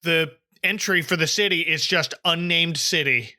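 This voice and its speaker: A man's voice: on the high side, moderate pace, pushed and bright. A man from southern New Jersey hosting a podcast, casually recapping a cartoon episode in a chatty way. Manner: chatty, recaps scenes and acts out quotes. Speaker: podcast host.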